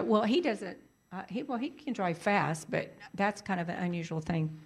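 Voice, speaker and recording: A woman telling a personal story in a casual, animated way, repeating lines for emphasis. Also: medium pitch, moderate pace, breathy edge.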